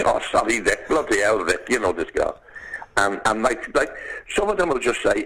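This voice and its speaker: An older man with a Liverpool accent, telling anecdotes as a podcast guest, animated and calling the listener "lad". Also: on the low side, moderate pace, gravelly, husky, low-quality recording. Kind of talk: casual storytelling.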